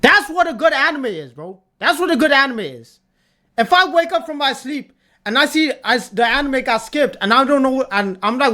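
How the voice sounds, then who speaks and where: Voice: high voice, lively intonation, moderate pace, pushed and bright. A young adult streamer ranting to a live chat in a tier-list commentary, repeating points emphatically and swearing often. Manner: repetitive, emphatic, swears a lot. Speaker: livestreamer talking to chat.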